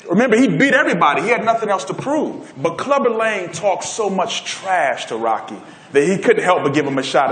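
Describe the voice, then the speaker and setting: A man's voice: fairly high pitch, reverberant. A man giving a motivational keynote speech at a conference, telling a story and getting the audience involved. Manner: energetic, storytelling, crowd-engaging. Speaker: keynote speaker. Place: conference hall.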